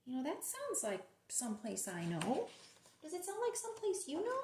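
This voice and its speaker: A woman reading a picture book aloud at a library storytime, gentle and sing-song, asking her young listeners questions. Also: sits high, huge pitch swings, normal speed. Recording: roomy echo.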